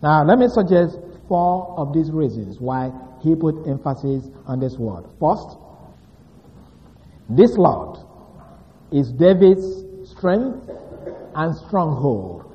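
A man's voice: a little high, very animated, slow, pauses often. A male pastor preaching a sermon, stressing single words emphatically. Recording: dull reverberant hall recording.

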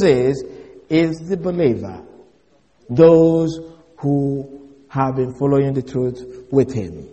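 A man teaching a Bible passage as an expository sermon, speaking deliberately and emphatically and repeating key phrases. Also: on the high side, a little mellow. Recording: long hall reverb.

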